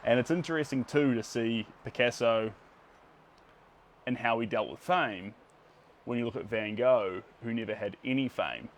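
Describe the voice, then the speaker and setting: A man's voice: mid-range voice, moderate pace. A man with a New Zealand accent chatting casually to his livestream viewers as he paints, greeting them by name.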